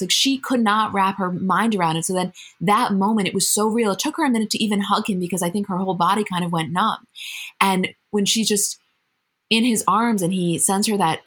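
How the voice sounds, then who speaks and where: Husky-voiced young woman, earnest chat. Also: mid-range voice, fairly bright tone. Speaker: podcast co-host. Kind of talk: casual chat.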